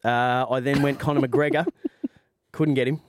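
A man's voice: mid-range voice, fairly even intonation, slight background noise. A man hosting a radio show, bantering and joking with his co-hosts. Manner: jokey, brisk, laughs often. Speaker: radio host. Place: radio studio.

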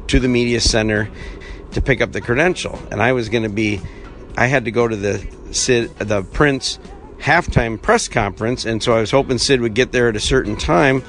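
A man's voice: mid-range voice, a bit bright, a little hiss or hum. A man working in team public relations, telling a story in an interview and restarting his sentences often. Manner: rambling anecdote with many restarts. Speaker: team PR director.

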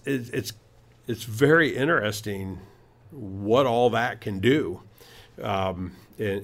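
Slow, low-voiced man rambling through tips. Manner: slow, rambling, many fillers and restarts. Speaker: home improvement show host. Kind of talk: casual radio-style talk.

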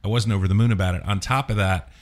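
Low voiced middle aged host guy, calm thoughtful chat. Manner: measured, reflective, asks follow-up questions. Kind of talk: casual conversation about music.

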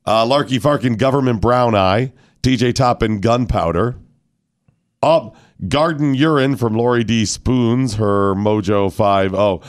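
A man with a hoarse voice hosts a morning talk radio show, swinging into lively storytelling and acting out what others said. His voice sits at an ordinary pitch for a man. He chats with a co-host in easy banter. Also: measured pace, no room sound, studio quality. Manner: animated storyteller, acts out other people's lines.

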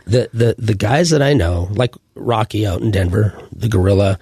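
A man in his forties, a former sports mascot, telling animated, rambling stories in a casual interview, full of fillers and restarts. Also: fairly low pitch, normal speed, creaky, slight background noise.

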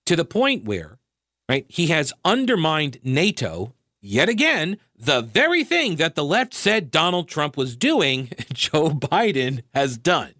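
A man's voice: a little high, huge pitch swings, slow pace, bright, forceful tone, no echo, clean studio sound. A man from New York hosting a political talk radio show, delivering a sarcastic, conversational monologue full of asides and self-corrections.

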